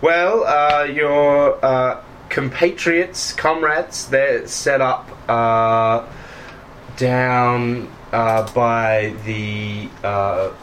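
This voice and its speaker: A man voicing a polite female town mayor who talks in halting, hesitant phrases. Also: mid-range voice, fairly even intonation, fairly bright tone, a little hiss or hum. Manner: hesitant, filler-heavy.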